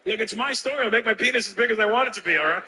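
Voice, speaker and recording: A man's voice: sits high, very fast, background noise. A man doing a stand-up comedy set in front of a live audience, telling a brash, profane story full of acted-out dialogue.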